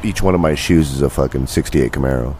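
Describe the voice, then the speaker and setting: A man telling profane stories in casual chat as a podcast guest, with deadpan jokes. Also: extremely low pitch, fast talker, over music.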